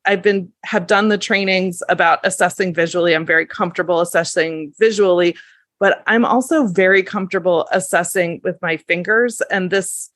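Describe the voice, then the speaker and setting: A woman's voice: fairly low pitch, fairly even intonation, normal speed, a bit bright, no room sound. A woman who works as a lactation consultant, chatting casually on a podcast in a chatty, self-deprecating way with many fillers.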